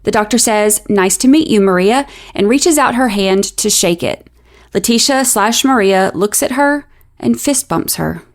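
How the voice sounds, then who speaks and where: A woman narrates a true-crime case in a measured, explanatory way. Her voice sits at an ordinary middle pitch, and her delivery is scripted and even, with a dry, sardonic edge now and then. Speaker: podcast host.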